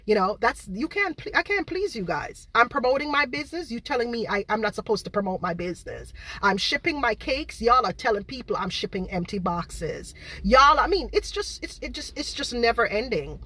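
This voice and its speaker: A woman's voice: on the high side, sing-song, fairly quick, few pauses, bright, forceful tone, husky. A Jamaican woman baker ranting indignantly to her viewers, repeating herself and firing rhetorical questions. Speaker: baker running her own cake business. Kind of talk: ranting livestream monologue.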